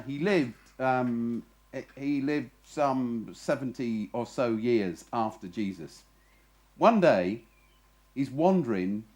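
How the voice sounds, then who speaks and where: A man preaching at a festival, telling a story and acting out the shouted lines. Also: mid-range voice. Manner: lively storyteller, acts out shouted voices. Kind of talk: sermon with storytelling. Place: festival stage.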